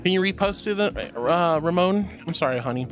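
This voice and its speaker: A woman's voice: lively intonation, brisk, soft background music. A woman streamer reading her livestream chat aloud, doting on viewers and calling them honey and sweetie. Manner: affectionate, calls everyone honey and sweetie; bubbly with squealing high greetings. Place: virtual reality stream setup.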